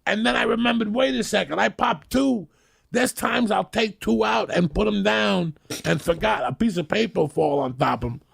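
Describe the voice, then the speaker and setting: Gravelly, husky man in his fifties. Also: high-pitched, normal speed, a bit bright, no room sound, clean studio sound. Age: 50s. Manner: rambling, profane, laughing storyteller. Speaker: podcast host. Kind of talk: casual storytelling chat.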